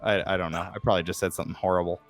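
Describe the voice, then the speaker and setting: A man's voice: low voice, flat delivery, very fast. A man with a New Jersey accent narrating as game master, rambling with lots of fillers. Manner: rambling, many fillers, laughs often.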